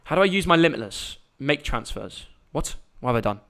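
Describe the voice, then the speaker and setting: A man's voice: mid-range voice, animated, fairly quick, fairly bright tone. A young man, hosting a casual live stream and chatting in a rambling, jokey way. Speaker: YouTube host.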